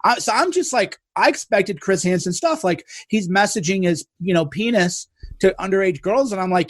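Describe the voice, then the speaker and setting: A man with a notably high voice tells his story in animated, mocking podcast chat, putting on the voices of the people he quotes. The sound is dry and close, with no room echo. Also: a little fast. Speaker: podcast guest.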